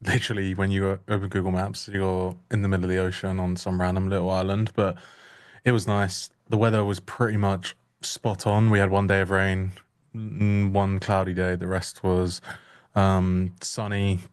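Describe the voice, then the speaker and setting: A man co-hosting a trading show, chatting in an easygoing, relaxed way. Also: sits low, normal speed, smooth, no room sound, clean studio sound. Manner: easygoing, says mate. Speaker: trader, show co-host. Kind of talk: casual chat.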